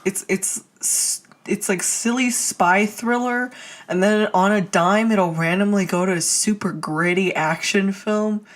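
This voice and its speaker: A woman's voice: medium pitch, a little slow. A young woman co-hosting a casual movie podcast, teasing and laughing often. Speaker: podcast co-host. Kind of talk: casual chat. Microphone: USB microphone.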